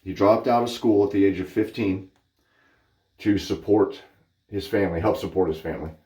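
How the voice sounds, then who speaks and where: A man from Texas with a notably deep voice talks his way through a shave. He rambles, breaks off to greet people, and corrects himself mid-sentence in a loose, chatty way. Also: moderate pace, dark tone. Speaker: wet shaving channel host. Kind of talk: casual chat while shaving.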